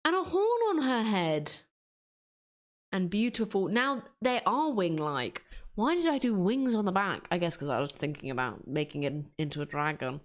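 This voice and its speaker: A woman chatting casually to herself as she draws, in a self-mocking, rambling way. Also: on the low side. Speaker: artist and video creator. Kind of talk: casual commentary while drawing.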